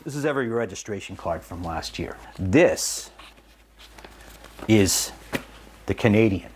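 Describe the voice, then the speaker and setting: A man who owns an inn, answering interview questions in a blunt, halting way and often repeating his words. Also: fairly low pitch, animated, darkish tone, a little hiss or hum. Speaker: inn owner. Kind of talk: interview soundbites.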